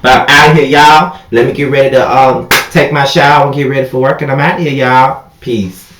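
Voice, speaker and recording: A young man recapping a reality show in a sassy, profane, casual rant, his voice leaping high when he gets outraged. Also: fairly even intonation, a little fast, reverberant, noisy background. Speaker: YouTube TV recap host.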